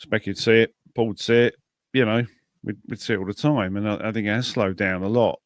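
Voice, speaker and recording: A man with a low voice co-hosts a casual podcast. He rambles and circles back as he talks. The sound is dry and close. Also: steady tone, a little fast, no echo. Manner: hesitant, rambling restarts. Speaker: podcast co-host.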